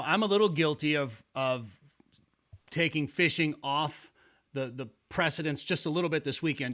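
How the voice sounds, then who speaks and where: A man's voice: a little high, pushed and bright. A man hosting a podcast, telling fishing stories in a rambling way with many restarts. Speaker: podcast host. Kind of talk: casual conversational interview.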